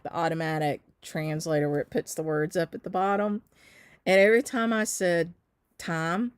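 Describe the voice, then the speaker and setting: Southern lady chatting on a live stream, lots of ums, lowish voice, dry close mic. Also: dry recording. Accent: Southern American. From Southern United States. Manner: chatty, reads out viewer comments, many ums. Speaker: shop owner hosting a live stitch. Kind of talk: casual live-stream chat.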